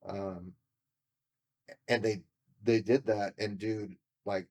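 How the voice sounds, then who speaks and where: A man with a fairly low voice speaks as a podcast guest, telling a painful personal story with raw candor. He swears freely and acts out what others said to him. His delivery is confessional and emotional throughout. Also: fairly even intonation, slow pace, warm tone. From California. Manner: raw, profane, re-enacts what people said. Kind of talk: candid storytelling interview.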